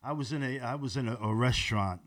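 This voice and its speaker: A man's voice: mid-range voice, fast talker, a bit bright, dry recording. A man who is a podcast guest, telling stories in casual chat in a blunt, profane way.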